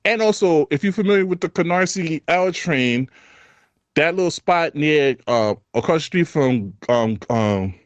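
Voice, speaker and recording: There's no echo as a Brooklyn-accented co-host chats on his podcast, laughing while he tells a slangy story. His somewhat high voice moves with lively intonation at a slightly slow pace.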